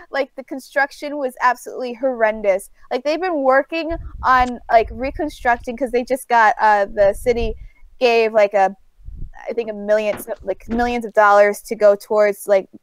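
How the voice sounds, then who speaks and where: A woman's voice: fairly high pitch, no room sound. A woman with a New York accent, telling a story in a casual chat as co-host, rambling with lots of fillers.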